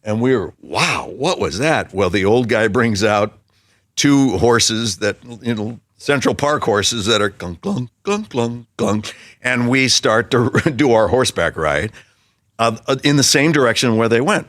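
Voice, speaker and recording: A man in his sixties tells a story as a guest on a talk show. His voice sits on the low side and is close and dry, and he acts out the voices of the people in his story with lively energy. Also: normal speed, no echo. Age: 60s. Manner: acts out quoted voices vividly. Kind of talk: animated anecdote telling.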